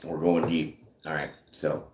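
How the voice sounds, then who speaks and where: A man's voice: very deep voice, completely flat delivery, measured pace, noisy background. A man hosting a live tarot chat, casual and joking, who reads out viewer comments as he talks. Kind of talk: casual live-stream talk. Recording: echoey room.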